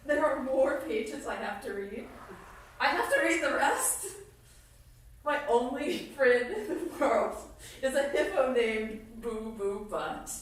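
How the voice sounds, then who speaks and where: A woman's voice: sits high, expressive, slow pace, slight background noise. A woman reading a silly children's book aloud to kids during a congregation service, playful and laughing, making goofy sounds. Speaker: reader of the children's story. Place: congregation meeting room. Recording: very echoey hall, voice far from mic.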